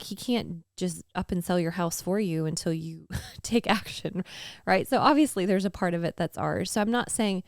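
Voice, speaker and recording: A woman in her thirties talks candidly on a faith podcast, earnest and rambling, full of fillers. Her voice has a gravelly, fry-laced texture. The sound is dry and close. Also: lowish voice, no echo. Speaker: podcast co-host.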